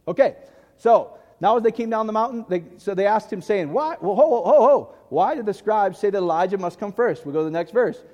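A man's voice: on the high side, warm tone, in a large hall. A man preaching a conversational sermon as pastor, often asking the congregation questions.

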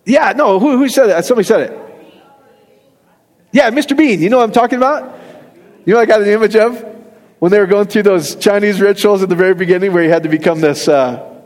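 A man's voice: high voice, fast, pauses often, a little mellow. A middle-aged man preaching a joking, conversational sermon, often asking the congregation questions and laughing at his own jokes. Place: church hall. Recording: long reverb of a hall.

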